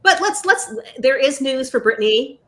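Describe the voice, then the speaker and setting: A woman's voice: high-pitched, lively intonation, measured pace, bright, forceful tone. A woman co-hosting a podcast, chatting casually through celebrity news with lots of fillers and hedges. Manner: chatty, hedging with fillers and "allegedly". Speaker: podcast co-host.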